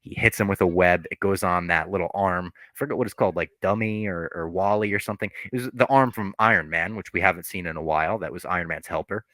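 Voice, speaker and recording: Low bright-sounding guy recapping a movie on his podcast, rambly and sweary, dry close sound. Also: fast, few pauses, no room sound. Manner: loose, swearing, rambling storytelling. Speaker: podcast host. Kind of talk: casual movie recap chat.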